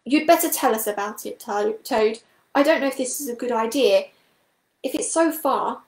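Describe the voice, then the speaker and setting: A woman reading a storybook aloud, voicing a gentle, hesitant male badger. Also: a little high, moderate pace, reverberant, lightly acted. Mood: doubtful.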